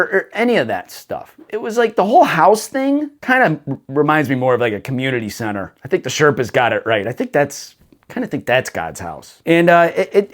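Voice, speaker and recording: Laid-back man telling a lively story. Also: fairly high pitch. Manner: laid-back, full of "dude" and "like". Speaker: faith podcast host. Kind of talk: casual storytelling monologue.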